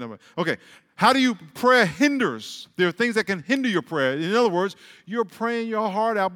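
Man preaching, fairly high voice, call-and-response, loud calls and low asides, long church reverb. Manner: call-and-response, has the congregation repeat words. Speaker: pastor. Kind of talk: sermon. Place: church sanctuary.

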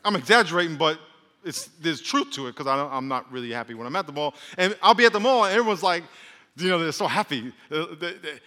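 A man's voice: on the high side, expressive, fast talker, sharp tone, in a large hall. A man, a pastor, preaching a sermon with call-and-response and joking asides. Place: church sanctuary.

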